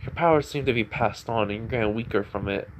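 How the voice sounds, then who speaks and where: A man voicing a calm, eerie young male hero with devil powers, in a flat, matter-of-fact delivery. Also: on the low side, quick pace, slight background noise, lightly acted, poor audio.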